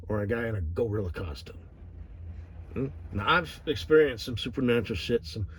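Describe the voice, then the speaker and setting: Man rambling with a lively swinging voice. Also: on the low side, a little hiss or hum. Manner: meandering, profane, full of "you know" fillers and sighs. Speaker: vlogger. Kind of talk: casual rambling monologue.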